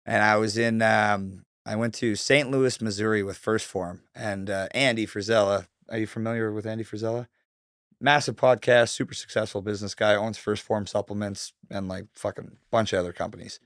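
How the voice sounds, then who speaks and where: A man's voice: fairly low pitch, steady tone, moderate pace, fairly bright tone, no echo. Man, thirties, casual swearing storyteller, dry close sound. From Northern Canada. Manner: laid-back, heavy swearing, fillers like "like". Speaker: podcast guest.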